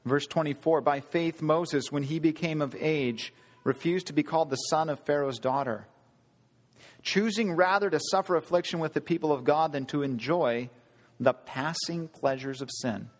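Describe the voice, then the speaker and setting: A man preaching a sermon, earnest, asking the congregation rhetorical questions and slowing down for emphasis. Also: a little high, long reverb tail. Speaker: pastor.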